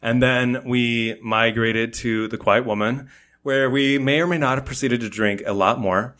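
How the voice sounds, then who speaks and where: A man, a podcast guest, telling a story in casual chat, animated and acting out what people said. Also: medium pitch, a little slow. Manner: animated storyteller, acts out quotes.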